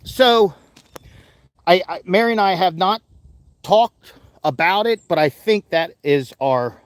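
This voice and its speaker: Male farm vlogger, casual and chatty, slightly higher voice, outdoors with animals nearby. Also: slow, no room sound. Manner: chatty, talks softly to animals.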